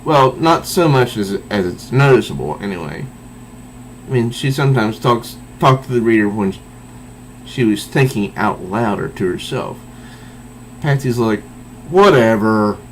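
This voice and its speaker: A man talks through a comic issue at a slow, easy pace, stopping and restarting as he reads the speech bubbles aloud. His pitch sits in the middle, and a faint hum of air conditioning runs behind him. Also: poor audio. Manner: halting, restarts, reads dialogue in a flat voice, chuckles at jokes. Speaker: comic book reviewer. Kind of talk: casual comic review, reading panels aloud.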